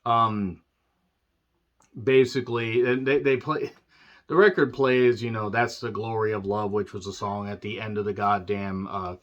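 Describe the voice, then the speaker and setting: A man ranting through a movie recap, sarcastic and profane, often clearing his throat. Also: fairly low pitch, muffled recording. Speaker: movie reviewer.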